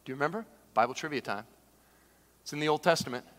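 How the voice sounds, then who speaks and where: A man preaching a sermon, who swings from shouted, acted-out quotes down to hushed, slow asides. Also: on the high side. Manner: animated preacher, shouts dramatized quotes, then drops to a hush. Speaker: pastor. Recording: long hall reverb.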